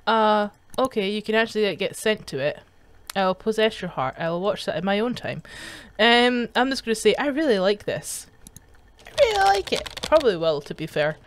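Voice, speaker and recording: Lively, laughing young woman. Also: mid-range voice, fairly quick, clean tone. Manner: swearing, laughing often, sarcastic. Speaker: gaming streamer. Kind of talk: casual let's-play commentary, reading chat messages aloud.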